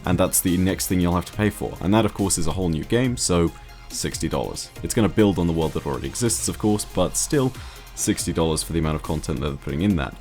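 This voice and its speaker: A man laying out gaming news in a clear, orderly, measured way during a casual discussion. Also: low voice, expressive, a little mellow, faint music behind. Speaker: guest commentator on a gaming discussion. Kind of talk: casual chat.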